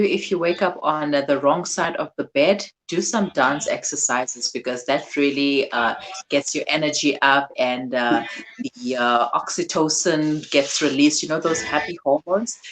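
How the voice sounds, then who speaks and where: A woman hosting an interview show, giving calm, reflective advice. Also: sits low, noisy background. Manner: measured, reflective, advising. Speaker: radio show host. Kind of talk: interview chat.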